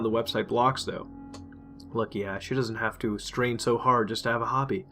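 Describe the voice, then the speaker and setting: A man reading a dark first-person story aloud, intense and emotional. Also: medium pitch, steady tone, moderate pace. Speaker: narrator. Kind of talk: dramatic horror story reading. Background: faint music.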